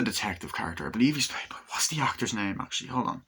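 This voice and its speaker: Young male reviewer, casual, enthusiastic and profane, crisp forward tone. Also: lowish voice, animated, racing, fairly bright tone, in a whisper. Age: 20s. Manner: rambling, enthusiastic, swears freely, many fillers. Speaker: movie reviewer.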